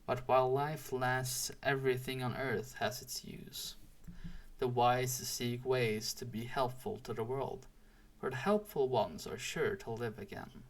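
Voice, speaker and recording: A man voicing a wise, calm master woodsman who speaks with a gentle, measured teaching tone. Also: mid-range voice, lightly acted. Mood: gently instructive.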